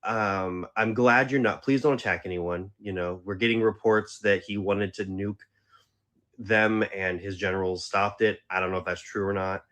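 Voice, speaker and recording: A man venting casually about the news, exasperated, acting out both sides in quick asides. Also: fairly low pitch, fairly even intonation, fairly bright tone. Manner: exasperated, acts out quotes. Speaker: online commentator. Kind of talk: casual chat.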